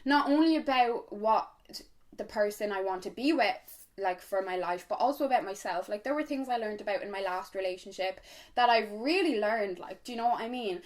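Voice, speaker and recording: A woman's voice: medium pitch, brisk. A woman in her twenties with an Irish accent, telling a casual story-time vlog in a chatty, frank way, full of fillers and swearing. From Ireland. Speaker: vlogger.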